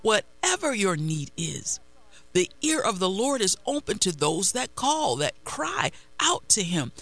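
A woman delivers a devotional sermon at an unhurried pace, leaning on each repeated phrase. Her voice is bright and edged, with a gravelly fry running under the words. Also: medium pitch, very animated, no room sound. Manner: slow, deliberate, repeats phrases for emphasis. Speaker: preacher. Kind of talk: devotional sermon with scripture reading.

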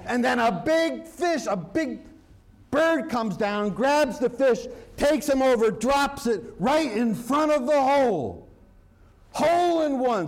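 A man preaching a sermon as pastor, mixing jokes and stories into his teaching and drawing out key words for emphasis. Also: very high voice. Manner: humorous, joke-telling preacher.

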